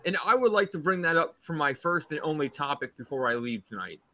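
A man's voice: a little high, animated, fairly quick, sharp tone. A man co-hosting a casual chat, stubbornly arguing an opinion. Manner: stubborn, argumentative. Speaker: podcast co-host. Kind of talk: casual debate.

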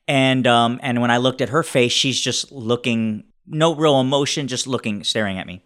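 A man playing a tabletop role-playing game, narrating his character's actions in a halting way with many restarts. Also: medium pitch, a bit bright. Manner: halting, many restarts while describing scenes. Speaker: player.

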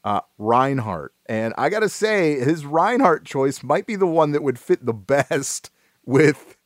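A man hosting a casual gaming podcast, who talks in a halting, rambling way with many restarts and fillers. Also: a little high, very animated, no echo, studio quality. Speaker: podcast host.

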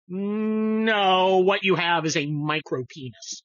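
A man's voice: high-pitched, unhurried, few pauses, a bit bright, dry recording, muffled recording. A man hosting a podcast in a casual, profane, mocking rant that jumps from topic to topic. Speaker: podcast host. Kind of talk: casual ranting chat.

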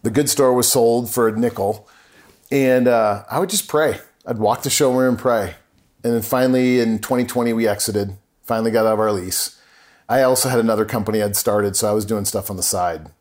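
As a guest on a podcast, a middle-aged man with a lowish, darkish-toned voice talks a little fast. He shares a personal story earnestly, acting out the conversations he remembers.

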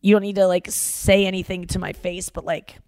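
A woman's voice: medium pitch, brisk, smooth, no room sound. A woman in her thirties hosting a casual podcast chat, telling stories with lots of fillers and acted-out quotes. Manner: animated storytelling with lots of fillers and voiced quotes. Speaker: podcast host.

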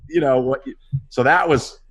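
A middle-aged man, an actor guest in a casual interview, telling animated stories and acting out quotes from a film set. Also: medium pitch, normal speed. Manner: animated anecdotes with acted-out quotes.

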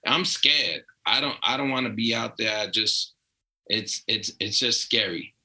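A comedian guest from Brooklyn/Long Island, New York, with a New York accent, tells a story in casual chat, animatedly acting out the voices of the people he quotes. His voice is lowish and a little slow, and the recording is low quality.

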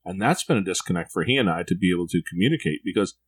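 A man's voice: sits low, lively intonation, rapid-fire, breathy edge. Reflective man telling a personal story. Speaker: podcast co-host sharing parenting stories. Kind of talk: casual conversation.

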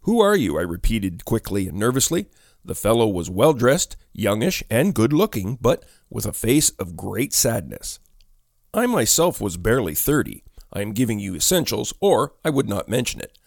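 A man reading a ghost story aloud as narrator, in measured, deliberate storytelling. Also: lowish voice, very animated, vocal fry, no echo, clean studio sound.

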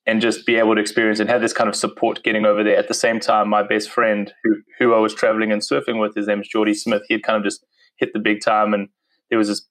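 A man in his thirties with a South African accent speaks in a lowish voice, rattling along at a quick clip. His casual chat is full of "like" and easy laughter. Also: monotone, a bit bright, poor audio. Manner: chatty, laughs easily, lots of "like". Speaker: interview guest. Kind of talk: casual conversation.

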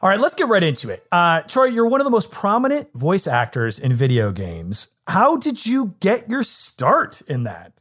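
Rambling, lively podcast co-host. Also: mid-range voice, moderate pace, hardly any pauses, soft background music. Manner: rambling, filler-heavy, joking. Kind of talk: casual podcast chat.

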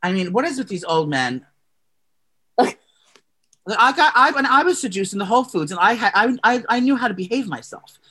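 A man's voice: sits high, expressive, moderate pace, bright, forceful tone. A young man co-hosting a podcast, chatting casually and gossiping in a rambling way full of fillers and restarts. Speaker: podcast co-host.

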